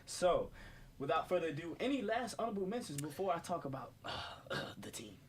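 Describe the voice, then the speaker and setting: A man's voice: fairly high pitch, lively intonation, quick pace, a little hiss or hum. Young man hosting student sports radio. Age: young adult. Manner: jokey, laughs often, repeats "without further ado". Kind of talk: casual sports radio chat. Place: college radio studio. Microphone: studio microphone.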